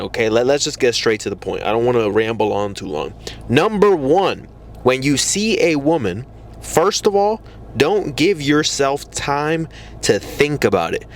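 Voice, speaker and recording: A man talking straight to camera in a casual advice monologue, blunt and full of swearing. His voice sits at an ordinary middle pitch. He keeps slipping into mocking takes on how other men talk. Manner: blunt and profane, mocking imitations. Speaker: dating advice vlogger.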